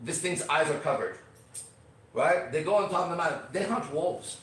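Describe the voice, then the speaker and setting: A man hosting a podcast, ranting with intensity and swearing, swinging between shouts and low murmurs. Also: lively intonation, moderate pace, distant mic, slight background noise. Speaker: podcast host. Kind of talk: fiery motivational podcast rant. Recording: echoey room, voice from off mic.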